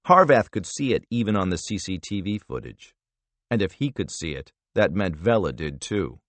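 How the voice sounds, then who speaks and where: A man narrating a thriller audiobook in a measured, expressive storytelling manner. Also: deep voice, no echo.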